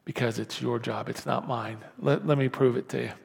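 Gravelly-voiced preacher in echoing hall. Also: male voice, mid-range voice, steady tone, moderate pace. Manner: conversational preaching, swinging from hushed to loud emphatic. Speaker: pastor. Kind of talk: sermon. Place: church sanctuary. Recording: echoey church hall.

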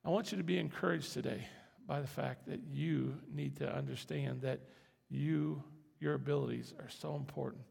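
A man's voice: mid-range voice, steady tone, normal speed, vocal fry, a little mellow, slightly rough, long reverb tail. A man preaching a sermon in a church, folksy and conversational, building to emphatic lists. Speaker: pastor.

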